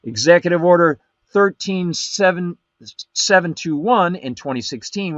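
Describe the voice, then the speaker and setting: A man's voice: on the high side, a bit bright, no echo, highs cut off. A man hosting a live political commentary show, reading documents aloud and breaking off with sarcastic asides. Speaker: show host.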